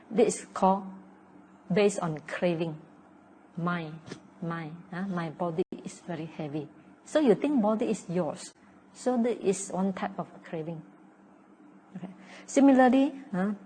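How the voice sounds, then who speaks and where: A Malaysian woman in her sixties gives a dharma talk in a warm, mellow voice. She teaches patiently, circling back over each point and checking in with little "huh?" and "okay?" asides. A faint background noise sits under her speech. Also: mid-range voice, rough recording. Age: 60s. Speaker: meditation teacher.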